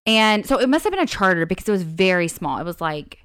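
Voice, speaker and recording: A woman's voice: on the low side, fast, clear, resonant tone. A woman co-hosting a podcast, telling a story in casual chat, acting out the voices in it and laughing often. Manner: animated storyteller, acts out quotes, laughs often. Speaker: podcast co-host.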